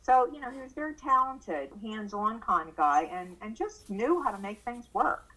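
An older woman reminisces in a relaxed interview. Her voice is bright and clear. She tells her stories with lots of energy and leaps high in pitch when she acts out what people said. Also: normal speed, low-quality recording. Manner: animated, acts out quoted voices with big pitch jumps. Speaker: interviewee, mother recalling her son. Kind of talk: casual storytelling in a conversation.

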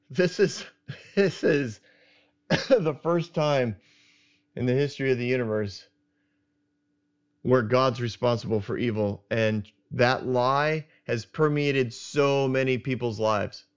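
A man hosting a casual Bible discussion podcast, earnest and halting, with many restarts and soft chuckles. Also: medium pitch, clear, resonant tone, muffled recording. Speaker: podcast host.

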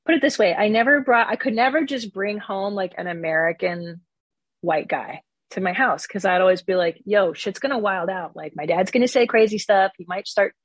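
A woman's voice: medium pitch, normal speed, dry recording. A middle-aged woman, a stand-up comedian and guest, talking candidly and with swearing in a casual interview, acting out the people she quotes. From born outside the country, immigrant parents.

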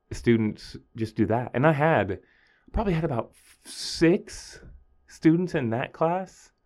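Animated storytelling teacher. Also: male voice. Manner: animated storytelling, acting out students in a higher voice. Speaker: high school teacher. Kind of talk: casual podcast monologue.

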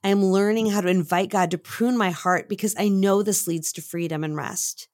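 Woman, podcast co-host, earnest devotional talk, slows for emphasis, medium pitch, dry close sound. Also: steady tone, a little mellow, no room sound. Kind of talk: devotional teaching.

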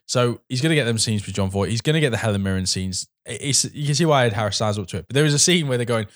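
A man in casual film chat, halting and restarting, then riffing enthusiastically. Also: mid-range voice, expressive, no echo, studio quality.

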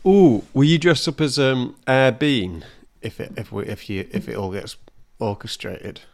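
A male podcast co-host in easygoing chat who tells stories and teases his partner. His voice sits at an ordinary, mid pitch. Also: unhurried. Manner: chatty, teasing storyteller. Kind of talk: casual chat.

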